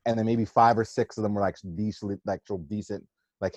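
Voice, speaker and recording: A man co-hosting a podcast, telling stories in casual chat, swearing a lot and animated. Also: lowish voice, a little fast, no room sound. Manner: profane, animated storytelling. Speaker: podcast co-host.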